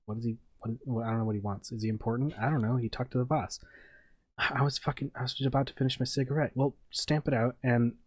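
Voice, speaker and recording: A man's voice: mid-range voice, fairly even intonation, quick pace, breathy edge, no echo, close to an everyday voice. Casting: a man doing a grumbling, rambling dock worker, dry close sound.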